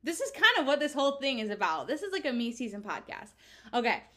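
A woman's voice: high-pitched, very animated, fast talker, pushed and bright. A woman in her twenties hosting her own podcast, talking candidly in a chatty, casual monologue full of "like" fillers and casual swearing. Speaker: podcast host.

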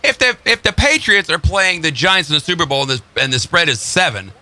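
A man's voice: a little high, expressive, fairly quick, pushed and bright, soft background music. A man co-hosting sports radio with joking, teasing banter. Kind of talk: casual sports talk.

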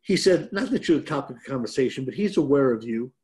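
A man's voice: medium pitch, animated, fast, a little mellow. An older man from Detroit, a former pro wrestler, telling a rambling, self-deprecating story as a guest on a chat show. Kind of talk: casual storytelling.

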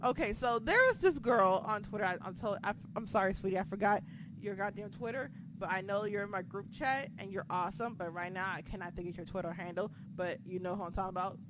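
A woman hosting a podcast, recapping in casual chat, excitable and profane, swinging between shouting and muttering. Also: mid-range voice, brisk, background noise. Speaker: podcast host.

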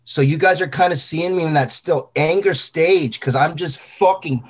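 A man's voice: on the high side, normal speed. A man talking casually about grief, intense and rambling, swearing often. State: grieving. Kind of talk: emotional casual talk.

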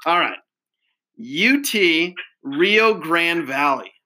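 A man's voice: a little high, lively intonation, drawn-out words, sharp tone, low-quality recording. A man hosting a casual quiz game, upbeat and full of praise, with lots of fillers. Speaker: quiz host.

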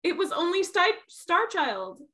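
A woman's voice: extremely high pitch, very animated, measured pace, a bit bright. A woman chiming in on a casual chat, hesitant, correcting details.

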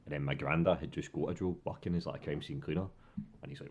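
A man's voice: extremely low pitch, fast, darkish tone, breathy edge, lo-fi sound. A man with a Glaswegian accent, chatting as a guest and telling stories animatedly, swearing and laughing often. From Glasgow, Scotland. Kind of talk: casual chat.

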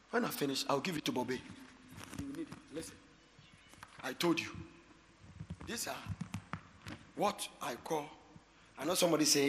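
A man preaching a sermon, moving from hushed storytelling to shouted exhortation and laughing often. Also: on the high side, moderate pace, long pauses, big-room sound, slight background noise. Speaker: pastor.

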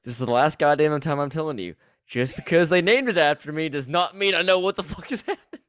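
A woman's voice: deep voice, lively intonation, quick pace, dry recording, studio quality, voice pushed up. A man voicing an exasperated regal woman who scolds and curses, fed up with being asked the same thing.

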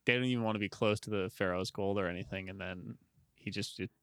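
A man's voice: on the low side, fairly even intonation, fast talker, a bit bright, clean tone, no room sound, clean studio sound. A man co-hosting a casual discussion, wry and amused, laughing often. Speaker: podcast co-host.

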